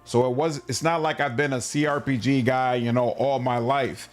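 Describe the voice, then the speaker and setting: A man's voice: medium pitch, normal speed. Chill guy streaming a game, talks to chat, mid voice, faint game music. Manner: relaxed, chatty, answers chat. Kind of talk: casual gameplay livestream commentary.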